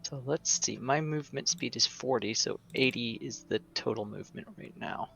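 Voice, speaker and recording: A man chatting casually as a player at a tabletop game, upbeat and quick to laugh. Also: mid-range voice, creaky, fairly bright tone. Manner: upbeat, laughs between lines.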